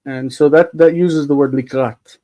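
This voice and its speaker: A man's voice: fairly high pitch, steady tone, moderate pace, warm tone, rough recording. A man hosting a live Bible-reading discussion, patiently explaining grammar with many fillers. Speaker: host and Hebrew teacher.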